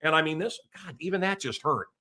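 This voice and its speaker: A middle-aged American man hosting a talk show, ranting in a loud, blustery and crude way that jumps from topic to topic. His voice sits a little high and sounds bright and forceful. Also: lively intonation, fast, slight background noise. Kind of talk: rambling political rant.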